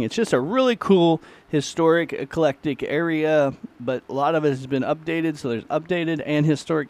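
A man's voice: mid-range voice, a little mellow. A middle-aged man, hosting his own podcast in a casual, folksy, self-deprecating ramble. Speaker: podcast host and musician. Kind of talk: casual solo chat.

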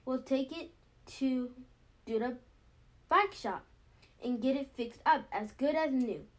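Lady doing a calm papa bear, soothing and reassuring. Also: sits high, slow.

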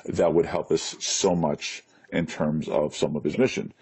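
A man hosts a casual interview with a very deep, mellow voice. His tone is husky and soft-edged, and he hesitates with frequent fillers as he leads the talk. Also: a little slow. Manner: relaxed, hesitant with many fillers. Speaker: interview host.

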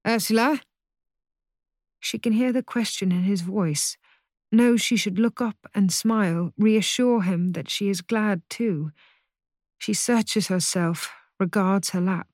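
A woman narrating a historical novel as an audiobook in a measured, even reading voice. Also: medium pitch, no room sound, studio quality. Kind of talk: scripted narration.

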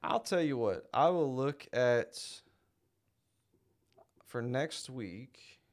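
A man's voice: mid-range voice, animated, very slow. A young adult man co-hosting a podcast, easygoing and chatty in casual talk. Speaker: podcast co-host. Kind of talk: casual chat.

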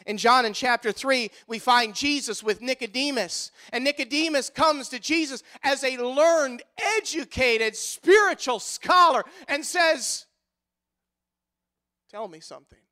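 A man's voice: very high voice, measured pace, hardly any pauses, bright, forceful tone. A male pastor preaching a sermon with fervor, pressing his listeners with rhetorical questions.

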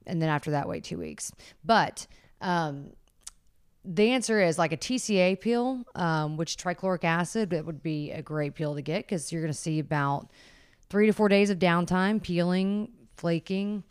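A woman esthetician in a casual chat, explaining skin treatments in a relaxed way with frequent fillers. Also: fairly low pitch, moderate pace, clear, resonant tone.

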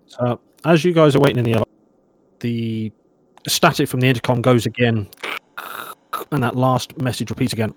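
A man running a tabletop horror game as game master, narrating in a measured, descriptive way with some hesitations. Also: medium pitch, fairly even intonation, no room sound.

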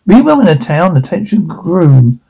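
Gravelly guy reading a rhymey kids story, husky, playful, trips over words sometimes. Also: high-pitched, very animated, normal speed, warm tone, poor audio. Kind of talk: reading rhyming children's story aloud.

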